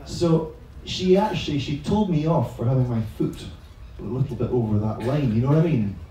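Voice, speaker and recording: At a moderate pace, his mid-range voice comes across mellow, with lively intonation. The speaker, a teacher trainer, jokes about himself and swears freely while telling a funny story to an audience at an evening event. Recorded far from the mic, the sound echoes strongly around a large room.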